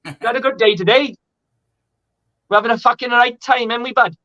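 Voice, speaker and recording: A man's voice: extremely high pitch, brisk, sharp tone, no room sound, lo-fi sound, voice pushed up. A man doing a cheerful, chatty Welsh man, all friendly questions and casual swearing. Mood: chummy.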